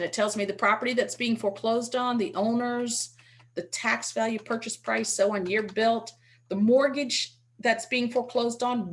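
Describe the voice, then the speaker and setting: A woman teaching real estate investing in an online webinar, speaking through a computer mic in a chatty way and repeating words as she restarts. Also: fairly high pitch. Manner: demonstrates with call scripts.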